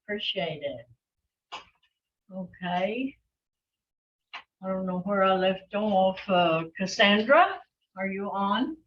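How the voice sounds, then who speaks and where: Slow patient woman teaching over video call. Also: medium pitch, dull audio, slight background noise. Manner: patient, encouraging, calls on students by name. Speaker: language teacher. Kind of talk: online language class.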